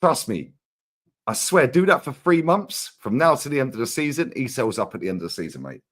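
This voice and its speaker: A man's voice: medium pitch, very animated, brisk. A man, a co-host in a casual football chat, talking in street slang and swearing freely. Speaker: co-host, Arsenal fan.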